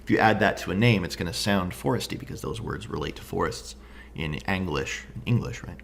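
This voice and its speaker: Gravelly low-voiced man reviewing game books. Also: fairly quick, a little hiss or hum. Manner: enthusiastic, thinks aloud with many "right?"s. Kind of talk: casual review talk.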